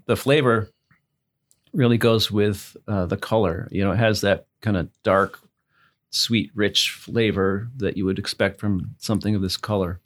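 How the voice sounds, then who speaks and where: A man from New England talks in a rambling, easygoing way as a guest at a bourbon tasting. His voice sits a little low, and he pauses often with fillers as he tells his stories. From New England, south of Boston. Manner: relaxed, rambling storyteller with fillers. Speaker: club founder, guest. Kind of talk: casual chat over bourbon tasting.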